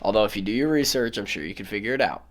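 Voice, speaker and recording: A man's voice: fairly low pitch, lively intonation, rapid-fire. A man casually vlogging his day at home, laid-back and self-mocking, swearing now and then. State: out of breath. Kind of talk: casual vlog talk to camera. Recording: echoey room with faint noise.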